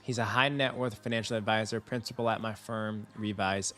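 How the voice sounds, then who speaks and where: A man's voice: fairly low pitch, a little fast, few pauses, faint music behind. A young man hosting a finance livestream, chatting casually with his viewers and laughing often. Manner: animated, chatty, talks to chat, laughs often.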